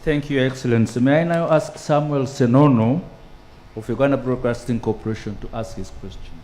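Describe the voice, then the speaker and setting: A man's voice: mid-range voice, brisk, warm tone. A man moderates a press conference, courteously calling on reporters by name. A faint hum runs underneath. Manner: formal and courteous. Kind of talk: formal moderation.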